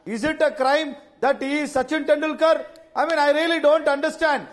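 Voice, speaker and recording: A man's voice: very high-pitched, steady tone. A man arguing passionately as a panelist in a heated TV debate, firing rhetorical questions. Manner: impassioned, rapid rhetorical questions.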